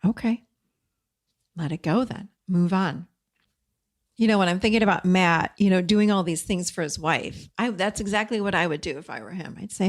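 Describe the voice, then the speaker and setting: A woman's voice: on the low side, moderate pace. A woman hosting a podcast, talking in a casual, direct teaching monologue and acting out bits of dialogue as she goes. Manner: conversational and direct, acts out quoted dialogue. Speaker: podcast host.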